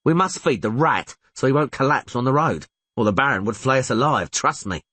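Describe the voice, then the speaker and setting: Man doing a loud, bullying brute. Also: medium pitch, animated, brisk, no echo, pitched above the performer's own voice. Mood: boisterous. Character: loud boisterous male brute, coarse and domineering.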